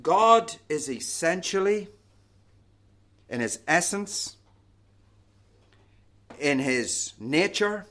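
A man preaching a sermon, reading scripture and explaining it in slow, deliberate phrases that fall away at the ends. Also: on the high side, expressive, sharp tone.

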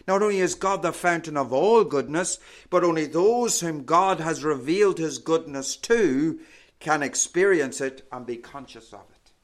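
A man preaching a sermon, reading scripture and explaining it in slow, deliberate phrases that fall away at the ends. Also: on the high side.

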